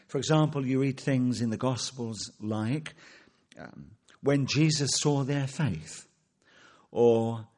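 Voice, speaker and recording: A man's voice: medium pitch, a little mellow. A man preaching an expository sermon, asking rhetorical questions and quoting scripture.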